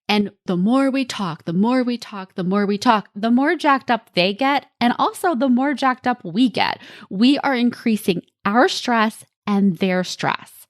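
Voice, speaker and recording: A woman's voice: mid-range voice, expressive, a little slow, no room sound, studio quality. A woman hosting a parenting podcast and coaching parents in an earnest, direct manner, repeating phrases for emphasis. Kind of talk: podcast advice monologue.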